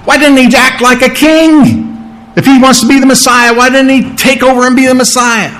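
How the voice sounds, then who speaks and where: A preacher putting on griping, indignant townsfolk. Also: male voice, extremely high pitch, fairly even intonation, normal speed, a bit bright, pitched above the performer's own voice. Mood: incredulous griping. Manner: incredulous, griping rhetorical questions. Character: indignant grumbling townsfolk, complaining adults. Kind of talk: sermon.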